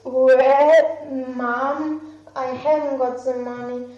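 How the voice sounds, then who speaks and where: A woman's voice: high voice, steady tone, extremely slow, highs cut off, heavy background noise. A woman voicing an eager, curious young boy in a raised storytelling voice. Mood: hesitant. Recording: echoey room recording.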